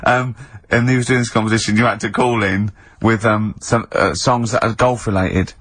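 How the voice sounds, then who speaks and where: A man's voice: on the low side, fairly even intonation, moderate pace, fairly bright tone, no room sound. A man hosting a comedy radio show in casual banter, often breaking into laughter. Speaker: radio host. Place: radio studio. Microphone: studio microphone.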